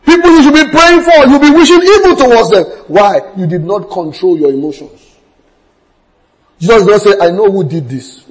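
Man, pastor, very high voice, animated storytelling sermon. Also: normal speed, poor audio. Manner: storytelling with acted quotes, bursts of shouting and laughter.

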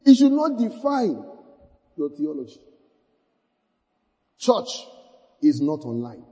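Man, pastor, sermon, high lively voice, call-and-response, long hall reverb. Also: takes it slowly, highs cut off. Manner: call-and-response preaching, repeating phrases. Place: church hall.

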